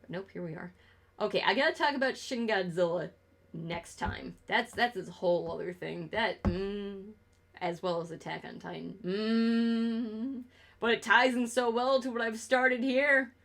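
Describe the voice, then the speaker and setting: A woman's voice: mid-range voice, a little slow, creaky, a bit bright. A young woman streaming a game, chatting casually in a rambling, sarcastic and profane way, laughing often. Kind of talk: casual chat while gaming on stream.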